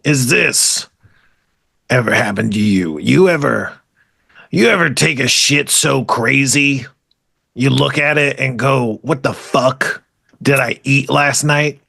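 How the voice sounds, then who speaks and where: Man doing a gravelly, rambling radio character. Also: medium pitch, slow, full character voice. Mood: mock-dramatic. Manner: loud, rambling, mock-dramatic storytelling. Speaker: podcast co-host. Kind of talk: comedic character bit.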